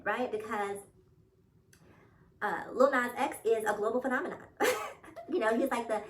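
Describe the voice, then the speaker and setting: A woman's voice: on the high side, fairly bright tone. A woman vlogger giving casual reaction commentary, emphatic and chatty, laughing between her points. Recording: roomy sound from a distant mic.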